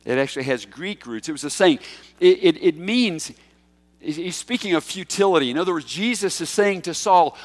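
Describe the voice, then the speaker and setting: Male pastor, sermon, emphatic, loud peaks on scripture, slightly high voice, long hall reverb. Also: animated, moderate pace. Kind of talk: expository sermon.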